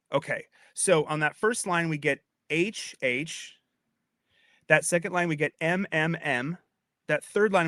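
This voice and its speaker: A man's voice: fairly high pitch, a little slow, sharp tone, no room sound, studio quality. A man giving a casual spoken lecture as a podcast host, chatty and a little tipsy from wine, often repeating and restarting his phrases and checking that his listener follows. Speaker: podcast host explaining Old English poetry.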